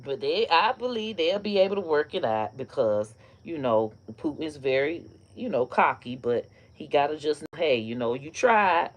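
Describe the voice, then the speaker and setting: A woman hosting a casual comedy live stream, telling stories and ranting in a loose, profane, animated way with bursts of laughter. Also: sits low, moderate pace, few pauses, lo-fi sound. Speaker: online comedy host.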